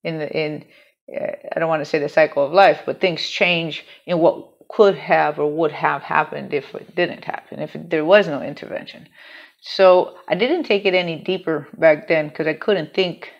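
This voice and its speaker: A woman's voice: low voice, fairly even intonation, normal speed, creaky. A woman telling a personal story in a candid, rambling way, swearing freely and restarting her sentences. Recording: dull lo-fi home recording.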